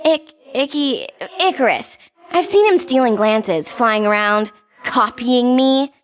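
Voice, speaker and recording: Eris, a bratty taunting goddess. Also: female voice, on the high side, takes it slowly, soft background music. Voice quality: bratty, sarcastic drawl. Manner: mocking, flippant, calls the hero babe. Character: Eris, wild goddess of strife, taunting and gleeful. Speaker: game character. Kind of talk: video game voice lines.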